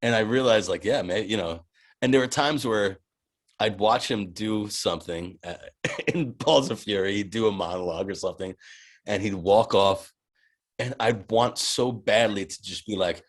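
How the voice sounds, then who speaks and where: A man in his forties, a podcast guest, telling an animated, profane anecdote with many restarts and bursts of laughter. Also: lowish voice, normal speed. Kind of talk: casual storytelling.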